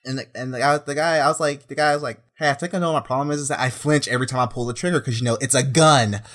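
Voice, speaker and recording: A young man, a prison officer, telling a rambling, exasperated story in casual chat with deadpan asides. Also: medium pitch, rapid-fire.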